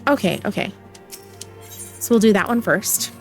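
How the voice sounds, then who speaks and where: A woman's voice: mid-range voice, animated, normal speed, pauses often, faint music behind. A young woman streaming a game, chatting casually and reading the dialogue aloud, laughing often.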